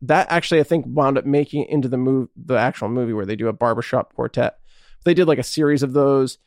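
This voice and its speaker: A man's voice: mid-range voice, fast talker, a little mellow, no echo, clean studio sound. Rambling, enthusiastic man co-hosting a chat. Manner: rambling, enthusiastic, swears casually. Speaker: podcast co-host. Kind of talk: casual chat.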